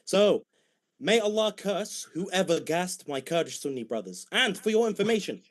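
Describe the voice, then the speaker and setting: A man's voice: high-pitched, very animated, normal speed. A man with a British accent debating heatedly, mocking and combative toward his opponent.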